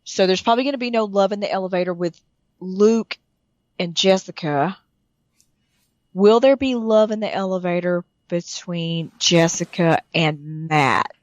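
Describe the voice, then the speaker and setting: Sick, deep-voiced woman podcaster, dry sound. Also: measured pace, darkish tone, no room sound, dull audio. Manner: rambling, self-interrupting, laughing. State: sick, voice deeper than usual. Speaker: podcast co-host. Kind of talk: casual chat.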